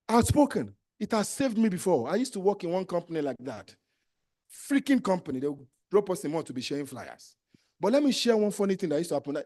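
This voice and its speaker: A man's voice: sits high, a little mellow. A man with a Nigerian accent giving a live motivational speech as an entrepreneurship trainer, emphatic and exhorting, repeating commands and slipping into Pidgin.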